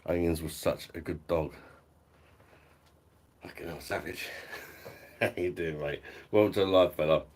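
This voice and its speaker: A man's voice: low voice, steady tone, a little slow, long pauses, darkish tone, a little hiss or hum. A middle-aged man, chatting casually at home on a live stream, swearing, laughing often and reading out the chat. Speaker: beer reviewer hosting a live stream.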